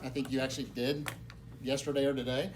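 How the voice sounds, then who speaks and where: A mortgage lender in a real estate office meeting room tells realtors a personal story as a motivational talk, swinging dramatically between hushed, low passages and loud bursts. Even so, his delivery comes across as flat; he talks fast over background noise.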